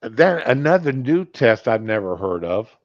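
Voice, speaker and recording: A man's voice: medium pitch, very animated, normal speed, no echo. A man in his fifties telling a rambling personal anecdote, correcting himself as he goes on a casual talk show. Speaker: podcast host. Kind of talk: casual storytelling monologue. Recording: dull lo-fi sound.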